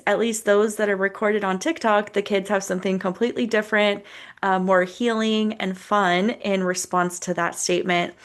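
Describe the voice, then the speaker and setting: A thoughtful woman therapist co-hosts a wellness podcast in a mid-range voice. She reflects gently on childhood stories, pausing often with ums and likes as she invites listeners to look inward. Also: medium pitch. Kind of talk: casual podcast chat, reflective.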